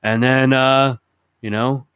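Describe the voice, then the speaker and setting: A man spins a rambling comedic tale in a gruff voice full of broken grammar and slang. His pitch sits in an ordinary middle range, and the recording is dry and close with no room sound. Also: little pitch movement, slow, fairly bright tone, dry recording. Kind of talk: comedic storytelling.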